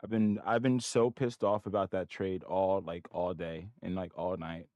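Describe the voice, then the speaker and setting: A man's voice: deep voice, normal speed, no echo, lo-fi sound. A man streaming his day trading, swearing at himself, lecturing viewers, and muttering to himself between trades. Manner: profane, self-critical, talks to himself; excitable outbursts between mumbled asides. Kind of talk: live trading commentary.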